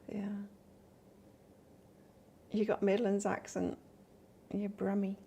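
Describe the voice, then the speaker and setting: A woman from England does a live tarot reading, chatting casually as she reads out cards and answers viewer comments. Her mid-range voice is warm, with drawn-out words and vocal fry.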